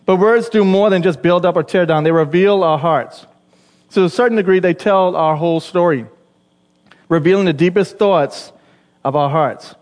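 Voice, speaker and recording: A man's voice: sits high, moderate pace, darkish tone, big-room sound. A Bahamian man preaching a sermon, chatty and conversational, with asides to the congregation. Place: church.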